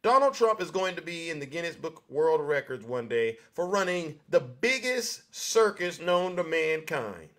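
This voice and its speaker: A man with a notably high-pitched voice hosts his show, delivering a scornful monologue. He keeps firing rhetorical questions straight at his listeners. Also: big pitch swings, normal speed, few pauses, fairly bright tone. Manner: mocking, rhetorical questions to the audience. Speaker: show host.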